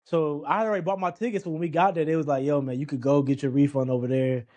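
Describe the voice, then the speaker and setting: A man with a slightly high voice talks at a quick pace while co-hosting a casual film review podcast. He's an animated storyteller, recounting scenes and mimicking lines.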